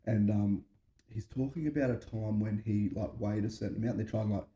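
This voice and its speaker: Casting: young bloke, very dark mellow tone, lower voice, chatty podcast co-host who keeps laughing. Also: male voice, brisk, echoey room, lo-fi sound. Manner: laughs often, retells comedy bits in quoted voices. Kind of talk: casual chat.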